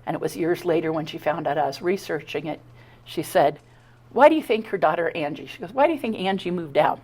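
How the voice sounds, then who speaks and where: A middle-aged woman giving a talk, telling her own story in an animated, conversational way, acting out the dialogue and often stumbling and restarting. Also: low voice, brisk, husky. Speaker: speaker giving a talk on her abduction experiences. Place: talk at a spiritual center.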